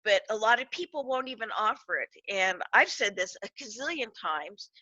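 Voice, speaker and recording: An older woman hosting a live online talk show, explaining ideas in an animated way and correcting herself as she goes. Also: mid-range voice, moderate pace, no echo. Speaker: host. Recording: dull, dry online stream audio.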